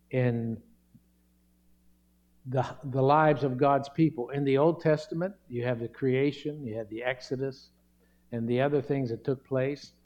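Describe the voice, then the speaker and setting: A man's voice: mid-range voice, a little mellow, muffled recording. A middle-aged man pastor delivering a sermon, earnest and emphatic, stressing key words.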